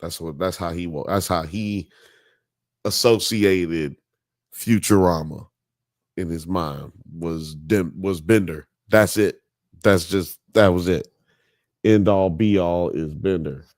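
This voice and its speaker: A man's voice: low voice, takes it slowly, darkish tone, no room sound, studio quality. A man hosting a podcast live stream, chatting casually in a profane, joking, rambling way. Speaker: podcast host.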